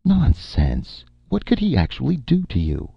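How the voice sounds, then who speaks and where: A man voicing a capable woman agent in a spoken story, raising his pitch, brisk and insistent. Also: huge pitch swings, creaky, slightly rough, dry recording, full character voice. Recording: dull lo-fi, dry.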